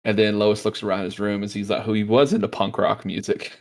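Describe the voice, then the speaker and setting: Podcast host, male, lowish voice, eager scene-by-scene recap, chatty and loose. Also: brisk. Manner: excited retelling, lots of fillers, acts out quotes. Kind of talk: casual movie review chat.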